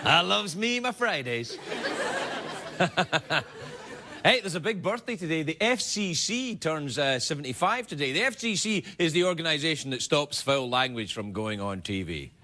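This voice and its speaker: Animated, high-pitched man joking on stage. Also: moderate pace. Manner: playful, self-mocking, animated joking. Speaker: late-night talk show host. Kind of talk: comedy monologue. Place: TV studio stage. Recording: loud audience noise in studio. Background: loud studio audience laughing and cheering.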